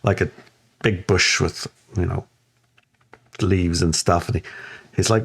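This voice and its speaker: A man in casual conversation, telling a story in an animated way and acting out quoted lines. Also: deep voice, a little slow, creaky, pauses often, breathy edge. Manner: animated, acts out quotes in raised voices, laughs often.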